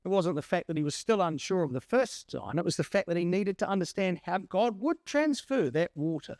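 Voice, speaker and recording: A man preaching a sermon to a congregation, emphatic and animated, acting out the lines he quotes. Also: high voice, brisk, few pauses, no room sound, studio quality.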